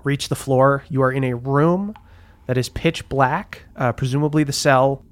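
A man's voice: mid-range voice, measured pace. A man narrating as game master in a tabletop game, describing scenes loosely with plenty of "like" and "um". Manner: relaxed, loose narration full of "like" and "um".

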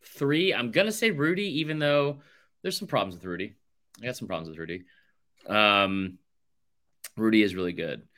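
Bright-voiced man ranking movies excitedly. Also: on the low side, moderate pace, long pauses. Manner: animated, swearing, ranks movies with strong opinions. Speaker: podcast co-host. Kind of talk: casual chat.

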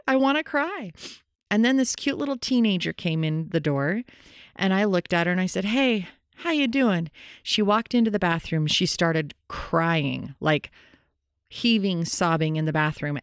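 A middle-aged woman hosting a meditation podcast, chatting casually and coaching gently, laughing often. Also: low voice, dry recording, clean studio sound. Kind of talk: casual spiritual talk.

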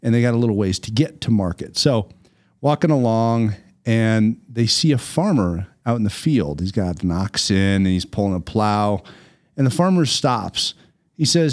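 A man hosting a casual talk show, telling a fable in a lively, rambling way and often repeating his words. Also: on the low side, moderate pace. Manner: animated, repeats words while telling a story. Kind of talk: casual storytelling chat.

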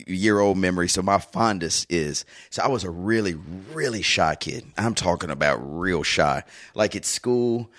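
Deep-voiced man telling stories. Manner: animated storyteller, lots of fillers. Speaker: podcast co-host. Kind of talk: casual chat.

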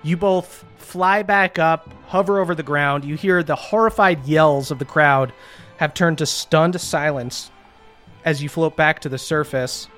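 A man narrating a tabletop game as game master, describing scenes vividly with quick asides to the players. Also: a little high, soft background music. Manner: descriptive, animated narration with frequent laughter.

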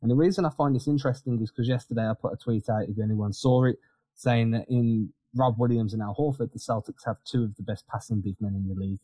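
A man co-hosting a casual sports podcast, talking in an animated, quick way with frequent restarts. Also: medium pitch, husky, no room sound. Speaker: podcast co-host.

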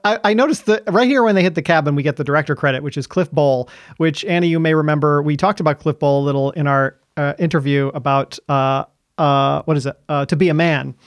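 A man's voice: fairly high pitch, fast talker, dry recording. A man hosting a podcast, chatting casually and laughing often as he leads the talk. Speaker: podcast host. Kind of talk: casual chat.

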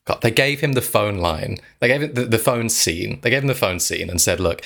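A man co-hosting a casual film-review podcast, talking in animated, exasperated rants and swearing freely. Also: medium pitch, a little fast, vocal fry. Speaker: podcast co-host.

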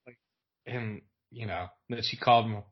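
A young man from Virginia, guesting on a podcast, has a lowish, steady voice and a moderate pace, recorded with dull audio. He rambles through casual stories, laughing as he goes and filling his speech with "like."

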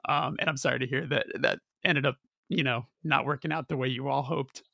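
Gravelly casual man host, dry sound. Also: medium pitch, fairly even intonation, a little fast, pushed and bright, no room sound. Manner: casual, swears lightly, lots of eager affirmations. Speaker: podcast host. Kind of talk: casual interview chat.

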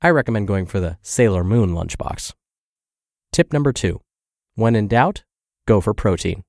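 A man's voice: on the low side, animated, normal speed, vocal fry, a little mellow, no room sound. A man narrating a health podcast, reading a fitness blog post aloud with dry humor.

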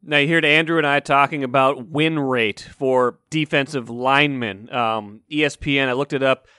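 A man hosting a sports talk show, asking his guest questions and then reading out statistics in a plain, steady way. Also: medium pitch, moderate pace, clear, resonant tone, dry recording, clean studio sound.

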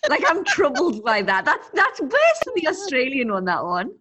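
A woman's voice: sits high, huge pitch swings, measured pace, fairly bright tone. A woman co-hosting a podcast over a video call, chatty, laughing often and swearing casually. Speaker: podcast co-host. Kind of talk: casual chat. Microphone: remote video call.

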